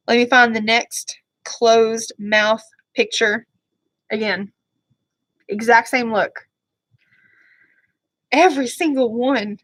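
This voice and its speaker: A woman beauty vlogger talks casually to her viewers, rambling and apologizing often. Her voice sits a little high and sounds bright and forward. The recording is close and dry, with no room sound. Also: no echo. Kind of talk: casual chat.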